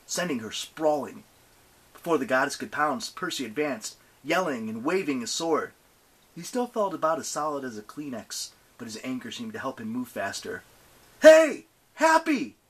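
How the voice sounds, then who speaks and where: Male narrator, audiobook reading, lively melodic pitch, bright, husky edge. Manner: animated, expressive narration.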